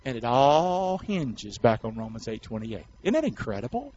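A male preacher delivering a sermon, calling on the congregation to repeat after him and rising to loud recitation. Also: medium pitch, sing-song, normal speed, hardly any pauses, husky, dull audio. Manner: call-and-response preaching, builds to loud recitation.

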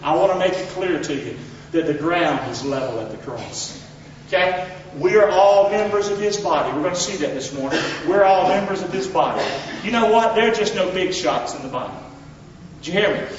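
A man's voice: high voice, lively intonation, brisk, background noise. A man preaching a sermon as pastor, fervent, asking the congregation to answer him back. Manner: fervent, call-and-response preaching. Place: church sanctuary. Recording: echoey hall, distant mic, dull.

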